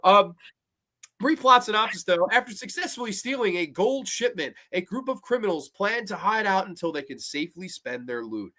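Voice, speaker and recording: A man's voice: high-pitched, expressive, normal speed, pushed and bright. A man hosting a casual review podcast, enthusiastic and swearing freely as he chats. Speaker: podcast host.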